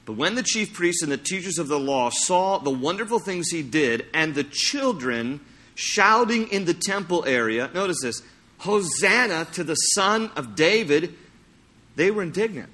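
A middle-aged man preaching a sermon in a church, lively and storytelling, acting out little scenes as he goes. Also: fairly high pitch, moderate pace. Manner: animated, acts out anecdotes with playful sung impressions. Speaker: pastor. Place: church sanctuary.

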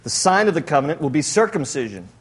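A male pastor preaching a sermon in an animated, jokey way with frequent laughs. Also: on the high side, fast talker, slightly rough.

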